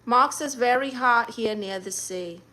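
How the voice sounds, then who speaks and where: A woman's voice: a little high, a little slow, bright, forceful tone, slight background noise. A young adult woman hosting a livestream, reading chat messages aloud and answering with sassy, teasing comebacks.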